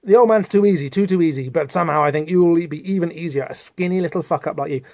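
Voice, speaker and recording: A man's voice: fairly high pitch, fast, darkish tone, dry recording, close to an everyday voice. A man voicing a menacing, contemptuous posh male hunt leader while reading a comic aloud. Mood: taunting. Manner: taunting, contemptuous.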